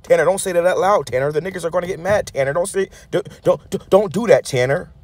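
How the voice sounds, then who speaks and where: A man putting on a meek adult gently scolding a boy, in a soft, mock-gentle voice. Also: sits high, fast, no room sound.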